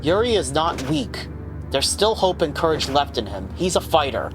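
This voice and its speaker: An earnest young woman pleads urgently, as a man reads her lines in a higher pitch. Her voice is raised and imploring, with game music playing clearly behind. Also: very animated, moderate pace. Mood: resolute.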